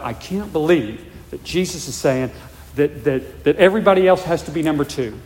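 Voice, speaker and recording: A man's voice: a little high, a little mellow. A male pastor preaching a sermon, emphatic and repetitive, often checking in with the congregation. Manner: emphatic, repeats points, checks in with "all right?". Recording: long reverb of a large hall.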